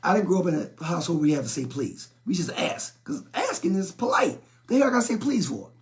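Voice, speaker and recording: A middle-aged man, hosting a live relationship talk stream. His voice is fairly high for a man, with a gravelly rasp. He speaks bluntly and preaches, often repeating words and stumbling over them. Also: very animated, quick pace. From South Side of Chicago, USA. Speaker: relationship talk show host. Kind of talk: live-stream talk, reading and answering viewer comments.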